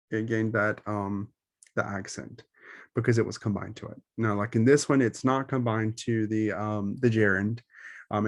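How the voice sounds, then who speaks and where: A man's voice: on the low side, no echo, studio quality. A man teaching Spanish grammar in an online lesson, explaining slides with many ums and self-corrections.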